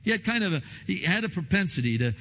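A man preaching a sermon as pastor, emphatic, often repeating words and swinging between loud and soft. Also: high voice, big pitch swings, fast talker. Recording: long hall reverb, dull lo-fi sound.

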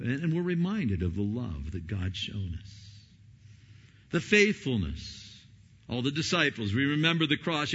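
A middle-aged man preaches a sermon with a gravelly, husky edge to his voice. He climbs to loud emphatic peaks and then drops into hushed whispers. The recording sounds a little dull and lo-fi. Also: medium pitch. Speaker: pastor.

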